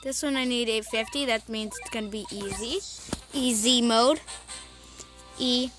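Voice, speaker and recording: A woman talking casually over her own mobile gameplay, chatty and self-mocking, with bursts of excited cheering. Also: a little high, unhurried. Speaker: mobile game video host. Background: game music.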